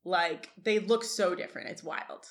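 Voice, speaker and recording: A woman's voice: fairly low pitch, normal speed. A woman co-hosting a podcast, chatting casually and recapping scenes with lots of fillers. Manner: chatty, many fillers, reads quotes aloud. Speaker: podcast co-host.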